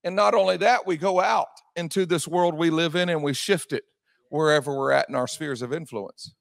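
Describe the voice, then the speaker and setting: A man preaching a sermon in a church, repeating his phrases and swinging from shouting to quiet asides. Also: on the high side, normal speed, creaky, no echo. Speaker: pastor. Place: church sanctuary.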